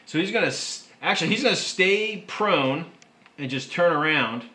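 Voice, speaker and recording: A man running a tabletop wargame, casual and excitable, counting dice out loud. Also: fairly high pitch, moderate pace. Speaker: game master. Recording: echoey room with music behind.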